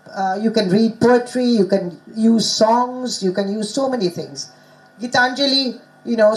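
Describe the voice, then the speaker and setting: Leading a pronunciation workshop at a conference hall, a presenter whose first language isn't English keeps things engaging by asking the audience questions. Her voice runs on the high side, and the recording quality is low.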